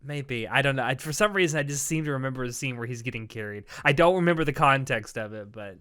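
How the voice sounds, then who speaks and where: A man's voice: mid-range voice, fast talker, fairly bright tone, clear, resonant tone. A man hosting a podcast in casual chat, dry and teasing as he steers the talk. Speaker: podcast host.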